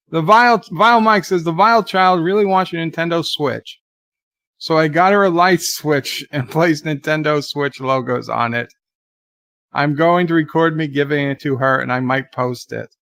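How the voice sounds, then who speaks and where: A man hosting a casual livestream, reading viewer comments aloud and chatting in a slow, relaxed way. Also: a little high, dry recording, studio quality. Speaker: livestream host.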